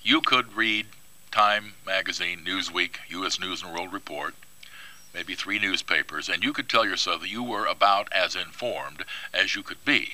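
An older man talking on air as a guest in a radio studio. His voice sits low yet comes across bright and forward. He is laid-back and dryly funny. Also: moderate pace, low-quality recording. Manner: laid-back, dry humor, rich radio voice. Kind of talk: casual radio interview chat.

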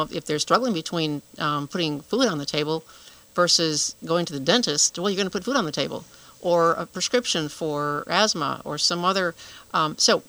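A woman talks as a radio guest, earnest and searching for her words. Her voice is bright and forceful, sitting a little low for a woman. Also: no echo, low-quality recording. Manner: earnest, restarts while explaining. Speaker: guest from a children's health program. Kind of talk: radio interview.

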